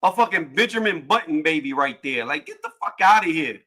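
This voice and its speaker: A man hosting a casual boxing livestream panel, joking loudly and cursing, with frequent laughs and trash talk. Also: fairly high pitch, expressive, brisk.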